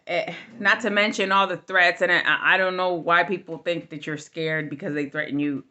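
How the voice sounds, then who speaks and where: A woman's voice: fairly low pitch, sharp tone, lo-fi sound. A middle-aged woman telling a candid storytime vlog in a blunt, casual way with plenty of swearing. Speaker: vlogger.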